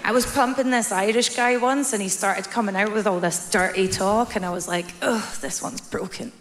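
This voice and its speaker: A woman's voice: mid-range voice, steady tone, brisk, fairly bright tone, big-room sound. A woman with a Scottish accent doing a stand-up comedy set on stage, blunt and brash in her storytelling. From Scotland. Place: large theatre stage.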